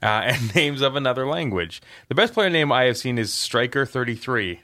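A man's voice: mid-range voice, animated, normal speed, pushed and bright, no room sound. Jokey male podcast co-host, dry sound. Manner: jokey, laughs often, throws in silly put-on accents. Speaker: podcast co-host, game developer. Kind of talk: casual chat.

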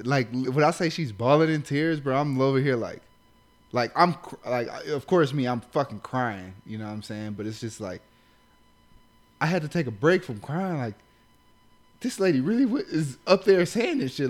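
Young man with a Los Angeles accent, casual chat, profane rambling storyteller, mid pitch. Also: lively intonation, moderate pace. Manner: loose, profane storytelling with frequent asides.

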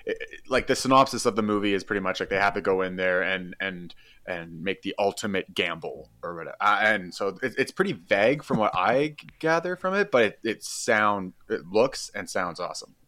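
A man's voice: lowish voice, a little fast, sharp tone, dry recording. A young man who is a podcast guest, speaking in casual chat and often stumbling over and repeating his opening words. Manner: hesitant, repeats words when starting.

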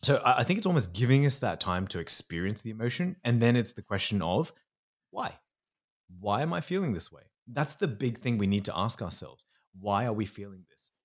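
A man with a fairly low voice, speaking as a psychologist guest on a podcast. He explains things earnestly and conversationally, now and then acting out someone's inner voice. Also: sing-song, a little fast. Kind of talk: podcast interview.

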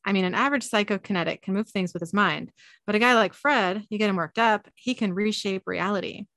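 A woman's voice: mid-range voice, fairly quick, dry recording, clean studio sound, natural voice. A woman reading out the lines of an earnest young man who explains things, in a plain reading voice. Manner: read aloud flatly from notes.

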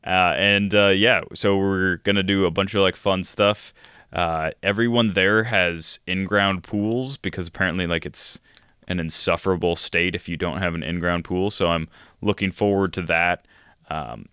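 A man's voice: sits low, fairly bright tone, clear, resonant tone, no room sound, studio quality. A man co-hosting a casual podcast, chatty and goofy, poking fun at himself. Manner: goofy, chatty, self-mocking. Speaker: podcast co-host.

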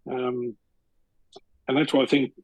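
A man's voice: mid-range voice, level tone, unhurried, dry recording, low-quality recording. An Australian man co-hosting a podcast, talking enthusiastically in casual chat. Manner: enthusiastic, gushing with restarts. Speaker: podcast co-host.

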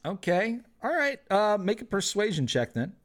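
Man running a tabletop game, lively voice. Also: sits high, normal speed, heavy background noise. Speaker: game master.

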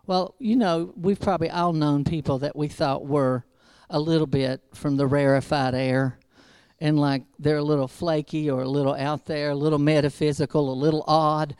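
A woman's voice: low voice, fairly even intonation, normal speed, darkish tone, clear, resonant tone, no room sound. A woman preacher giving a conversational sermon, chatty and humorous, with wry asides to the congregation.

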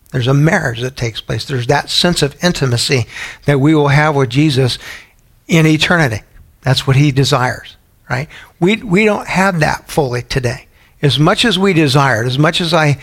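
A man teaching a Bible study in a sermon style, often putting questions to his listeners. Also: a little high. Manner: asks the audience questions often.

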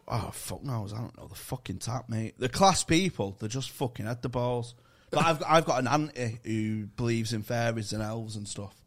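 Brief: man, mid-pitched, rambling storyteller who swears freely, loose podcast banter. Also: moderate pace, hardly any pauses. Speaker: comedian guest. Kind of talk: casual podcast chat.

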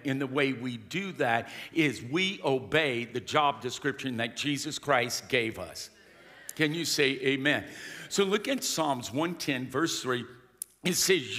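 A man's voice: medium pitch, a bit bright, big-room sound. A man preaching a sermon as pastor, emphatic and calling the congregation to respond. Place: church sanctuary.

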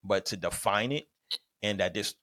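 A man's voice: on the low side, moderate pace, no echo. A man co-hosting a casual podcast, arguing his case point by point in a debate. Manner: animated, argues point by point in numbered reasons. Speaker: podcast co-host.

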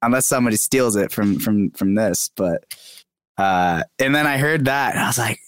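A man's voice: fairly low pitch, moderate pace, fairly bright tone, slight background noise. A young man, a podcast guest, chatting casually and animatedly, full of "like" and "dude". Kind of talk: casual chat.

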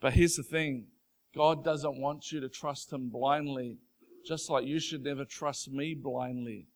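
Earnest pastor preaching. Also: male voice, medium pitch, fairly even intonation, unhurried. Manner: earnest, conversational preaching that grows louder and more emphatic. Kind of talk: sermon. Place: church stage before a congregation.

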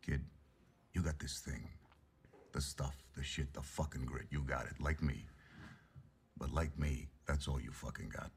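An actor playing a blunt, swearing middle-aged hockey enforcer with a Canadian accent. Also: male voice, extremely low pitch, measured pace, gravelly, pauses often, a little hiss or hum, exaggerated voice. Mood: gruff.

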